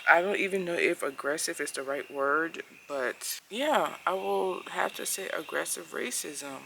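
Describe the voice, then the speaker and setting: A woman's voice: lowish voice, expressive, measured pace, creaky, bright, forceful tone, slight background noise, poor audio. A woman telling a personal story casually to camera, earnest and emphatic, acting out the lines she quotes. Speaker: family vlogger.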